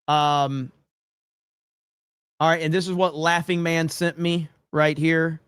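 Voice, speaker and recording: A man's voice: fairly high pitch, level tone, slow, long pauses, a bit bright, clean tone, dry recording. A man giving casual, offhand commentary on a clip. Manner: dry, offhand remarks. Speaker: streamer host.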